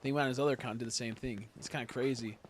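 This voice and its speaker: A man's voice: medium pitch, steady tone, rapid-fire, slight background noise. Rambling, profane young male streamer. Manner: rambling, profane, talks to chat. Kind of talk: casual live-stream chat.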